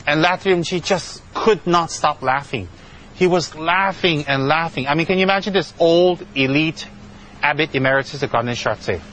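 A man's voice: a little high, a bit bright, a little hiss or hum, low-quality recording. A man, a monk, telling a personal story in a chatty way, repeating himself and using many fillers. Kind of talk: spoken storytelling talk.

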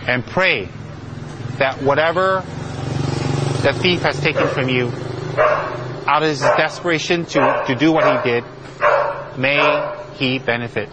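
An old abbot speaking slow, firm, repeated warnings and advice, as a man puts him on in a told story. The voice sits in an ordinary middle register. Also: mid-range voice, very noisy, close to an everyday voice. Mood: calm teaching. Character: old laughing male abbot giving calm advice.

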